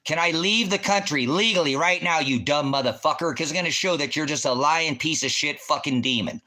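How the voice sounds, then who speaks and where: Enraged male streamer, bright, tense voice, swears nonstop, berates a chat viewer. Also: on the high side, a little fast. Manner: profane, confrontational, yelling accusations. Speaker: livestream host, veteran. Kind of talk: livestream rant at a chat viewer.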